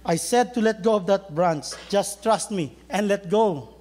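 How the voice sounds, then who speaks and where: A man voicing God, speaking slowly, calmly and low to a man on a cliff. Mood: firm. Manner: slow, calm and low. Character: calm, deep-voiced God speaking from above.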